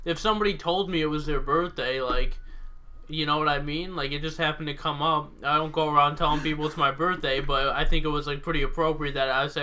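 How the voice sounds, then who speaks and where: Giggly, animated young man. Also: fairly high pitch, a little fast. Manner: animated storytelling, laughs often. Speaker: podcast co-host. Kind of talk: casual chat.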